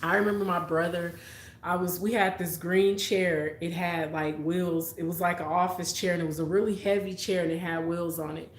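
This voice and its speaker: Speaking at a moderate pace with fairly even intonation, this young woman has a lowish voice. Late at night on a live stream, she reads viewer comments, shares childhood stories, and laughs often, and the room she's in is echoey.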